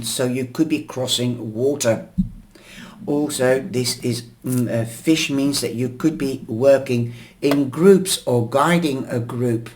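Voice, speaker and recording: Slow, hoarse male tea leaf reader. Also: medium pitch. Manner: unhurried, explanatory, many pauses and fillers. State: losing his voice, coughing. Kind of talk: slow reading of tea leaves.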